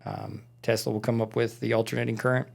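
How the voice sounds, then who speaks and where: A man's voice: medium pitch, level tone, fast, vocal fry. A man co-hosting a podcast, casually telling a rambling story with lots of fillers in a studio. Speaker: podcast co-host. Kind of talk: casual chat.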